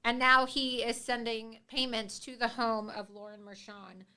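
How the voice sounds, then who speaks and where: A woman's voice: on the high side, flat delivery, a little slow, sharp tone, clean tone. A woman hosting a livestream of political commentary, speaking in a combative, sarcastic and scornful way. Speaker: host.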